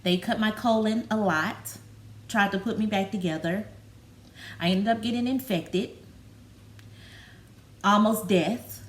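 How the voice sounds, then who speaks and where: A woman speaks in a candid personal vlog, halting and open, leaning on fillers. Her voice sits at a middle pitch. The room is echoey, with a faint background hiss. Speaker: vlogger. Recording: roomy with faint background noise.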